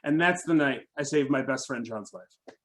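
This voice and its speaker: A man telling a personal story at a live storytelling event, wry and animated, acting out what others said. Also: medium pitch, moderate pace.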